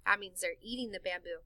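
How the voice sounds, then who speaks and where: A woman reading a picture book aloud to children in an animated, sing-song way, stopping to explain words. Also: medium pitch, no room sound. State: tickle in her throat. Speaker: storytime reader for children.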